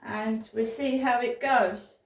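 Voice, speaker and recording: A woman's voice: fairly high pitch, fairly even intonation, slow. A woman, telling a rambling personal story in a casual vlog, often repeating words and restarting sentences. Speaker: vlogger. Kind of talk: casual spoken diary. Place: indoors at home. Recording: roomy, from a distance.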